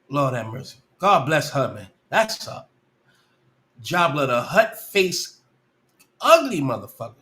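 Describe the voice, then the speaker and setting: A man hosts a live reaction stream. He talks in a slow, unhurried drawl that suddenly jumps into loud, shocked yelps and curses. His pitch swings widely between low mutters and high cries. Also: big pitch swings. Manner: loud shocked outbursts, heavy cursing. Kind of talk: casual reaction commentary.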